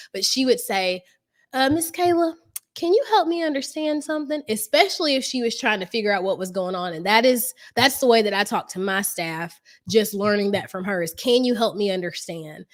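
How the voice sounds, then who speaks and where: A middle-aged woman talks through advice on a live question-and-answer stream. Her pitch sits in the middle range. She speaks in a casual, chatty way, filling pauses with ums and correcting herself mid-sentence. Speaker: life coach hosting a live Q&A.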